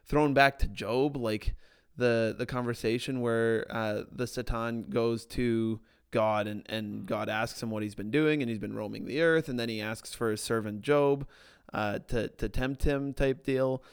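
Man, resonant clear voice, earnest, reads passages aloud, casual podcast, dry close mic. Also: medium pitch, fairly even intonation, a little slow, no echo. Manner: earnest, reads scripture aloud, trails into questions. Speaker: podcast co-host. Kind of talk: casual Bible discussion.

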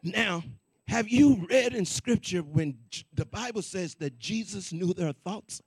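A man preaching and telling a personal testimony in an animated, repetitive, conversational way. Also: high-pitched, unhurried, slightly rough, dry recording. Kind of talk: sermon testimony storytelling.

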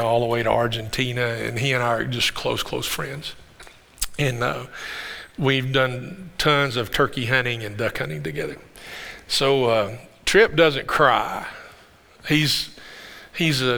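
A man's voice: mid-range voice, creaky, pushed and bright. A male pastor preaching a sermon in a church, telling stories in a conversational way and repeating words as he gets going. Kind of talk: sermon with storytelling. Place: church sanctuary. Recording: long reverb of a church hall.

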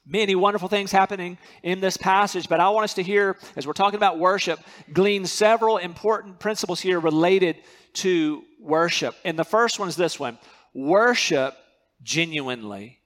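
A man's voice: high-pitched, fairly even intonation, fairly quick, a bit bright. A man preaching a sermon as pastor, earnest and emphatic, repeating key words to drive them home.

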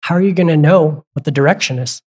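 A pastor preaching a sermon in a conversational way, asking the congregation question after question and breaking off for asides and quick corrections. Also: mid-range voice, a little mellow, breathy edge. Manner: asks the congregation repeated questions.

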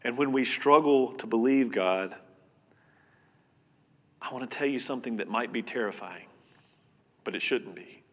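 A man preaching a sermon as pastor, earnest and conversational, repeating words and swinging between loud and soft. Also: mid-range voice, moderate pace, pauses often. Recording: long reverb of a hall.

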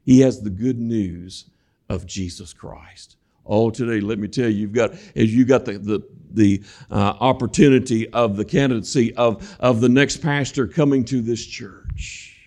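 A man's voice: on the low side, unhurried, a little mellow. A man preaching a sermon in a church, walking about as he talks, folksy and repetitive, calling the congregation "folks". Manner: folksy, repeats words, addresses congregation as folks. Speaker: guest preacher. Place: church sanctuary. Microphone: walking while preaching, moving around the mic.

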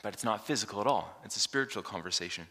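A male preacher reads scripture aloud and unpacks it in sermon style, dropping to hushed asides and then building to emphatic points. His voice is bright and forceful. A long hall reverb trails each phrase. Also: lowish voice, rapid-fire. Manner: expressive, swings from hushed to emphatic.

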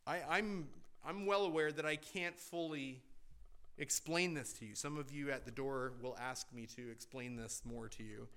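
Emphatic, bright-voiced male preacher. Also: medium pitch. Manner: emphatic, deliberate, rhetorical questions. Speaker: pastor. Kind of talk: sermon.

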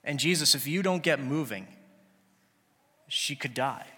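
A man preaches in an earnest, chatty way, slipping into the voices of the people in his story. His tone is forceful and a little high for a man. The sound rings out in a long hall echo. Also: lively intonation, measured pace, slightly rough. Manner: earnest, conversational, acts out biblical characters. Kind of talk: sermon.

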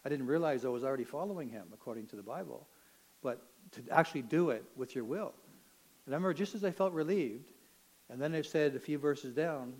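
A man's voice: on the high side, animated, fairly quick, low-quality recording. Earnest older man telling his testimony. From Canada. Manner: earnest, emotional storytelling, rising to near shouts at dramatic moments. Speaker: testimony speaker. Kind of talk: personal testimony.

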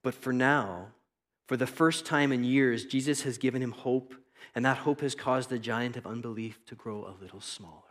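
A man's voice: medium pitch, moderate pace, a bit bright. A man giving a devotional Bible teaching in an earnest, reflective and conversational way. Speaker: preacher.

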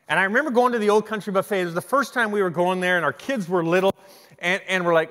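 Middle-aged guy preaching, kinda high voice, lively storyteller, big echoey church hall. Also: fast. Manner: animated storytelling with repeated restarts. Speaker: pastor. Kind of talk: sermon. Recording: long hall reverb.

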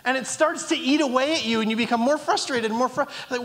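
A man's voice: very high-pitched, fast, a bit bright. A man preaching a sermon as pastor, earnest and repetitive, now and then acting out pleading voices. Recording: long reverb of a large hall.

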